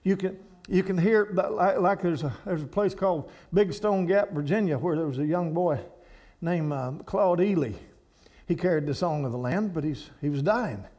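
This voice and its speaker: A man's voice: high-pitched, normal speed, darkish tone. A man from Kentucky with an Appalachian accent, a guest speaker at a church who preaches in a folksy storytelling way. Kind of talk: storytelling sermon.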